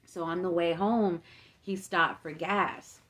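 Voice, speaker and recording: A woman's voice: fairly low pitch, steady tone, takes it slowly, a bit bright. A young woman in a casual mukbang storytime, chatty and full of fillers, acting out the people she quotes. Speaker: mukbang vlogger. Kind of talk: casual storytime while eating.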